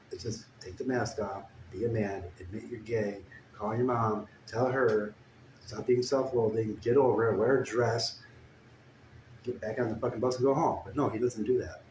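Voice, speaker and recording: Guy rambling thru a crude made-up story, kinda low voice, roomy echo and faint hiss. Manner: crude, meandering, deadpan asides. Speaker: comedic storyteller. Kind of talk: rambling improvised comic story. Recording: echoey room with faint ambient noise. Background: guitar playing.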